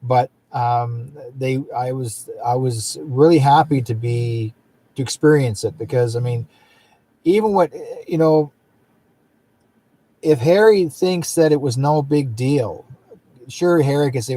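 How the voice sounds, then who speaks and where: A man's voice: medium pitch, takes it slowly, dark tone. A man hosting an interview show who talks in a rambling way, with frequent restarts and fillers. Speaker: host. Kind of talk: casual interview chat.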